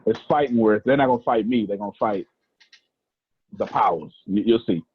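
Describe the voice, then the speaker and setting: A man's voice: lowish voice, normal speed, slight background noise. A man giving a fiery, preachy motivational talk on sales and money, emphatic with big swings in his voice. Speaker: business speaker. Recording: tinny phone-like audio.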